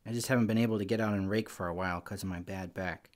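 A man's voice: on the low side, fairly even intonation, fast, close to an everyday voice. A man doing a grouchy old neighbor. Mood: grumbling. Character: grouchy older male neighbor.

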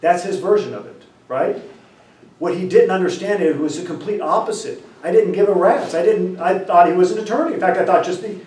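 A man lecturing and telling a story, acting out the dialogue, often clearing his throat. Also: high voice, fairly quick. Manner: animated, acts out dialogue, frequent throat clearing. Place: lecture room. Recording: roomy lecture hall from far off.

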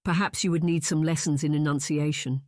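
A man's voice: fairly high pitch, steady tone, a little fast, a little mellow, dry recording, clean studio sound, natural voice. A man voicing the smug, teasing young Marquis. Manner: smug, needling.

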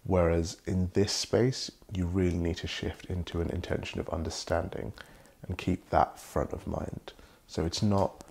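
Deep gravelly young man, measured and thoughtful. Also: level tone, darkish tone. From Britain. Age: young adult. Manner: measured, thoughtful, polished professional delivery. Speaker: guest. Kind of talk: reflective conversation.

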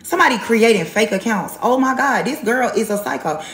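A woman's voice: a little high, expressive, brisk, a bit bright, roomy sound. A woman giving a live tarot reading, blunt and sassy, repeating herself for emphasis. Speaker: tarot reader on a livestream.

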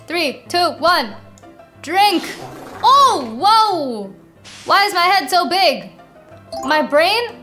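A young woman playing a video game, excitedly commenting and reading the game's lines aloud to her viewers. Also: very high-pitched. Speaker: gaming video host. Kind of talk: playful gameplay commentary. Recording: game music playing behind voice. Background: game music.

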